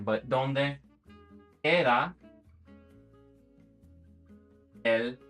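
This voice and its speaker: A man teaching Spanish on a livestream, chatty and loose, with many restarts and fillers. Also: medium pitch. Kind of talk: casual livestream lesson.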